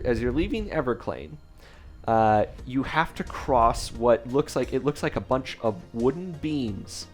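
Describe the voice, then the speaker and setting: A man narrating a tabletop game as game master, describing scenes with many hesitations. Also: mid-range voice.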